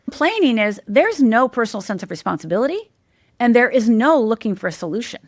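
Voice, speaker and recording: A woman's voice: fairly quick, no room sound. Emphatic, teacherly woman with a dry sound. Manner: animated, jumps high in pitch to act out quoted voices; emphatic and teacherly, repeats key words. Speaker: guest, life coach. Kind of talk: animated interview talk.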